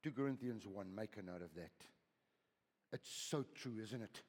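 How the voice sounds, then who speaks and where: An older man preaching a sermon as pastor, swinging from loud, high exhortation to hushed whispers and repeating his words. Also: unhurried. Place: church hall. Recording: long hall reverb.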